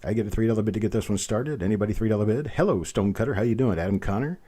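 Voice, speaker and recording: Calling bids repeatedly at a very fast clip, this live online coin auctioneer chats with bidders in friendly asides. His voice is lowish and warm.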